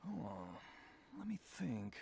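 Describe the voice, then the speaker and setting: An actor playing a village man in a game who muses slowly, trails off, and ends the talk curtly. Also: a little high, big pitch swings, vocal fry, mellow, slight background noise, full character voice. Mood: musing. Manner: musing, trails off, then cuts the talk short. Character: gravelly-voiced village man, unhurried and curt. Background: faint game music.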